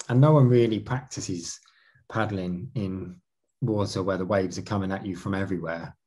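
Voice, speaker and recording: A man tells his story in an interview, animated and quick to restart his sentences. His voice sits a little low and sounds husky. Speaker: marathon canoe racer. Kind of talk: interview answers.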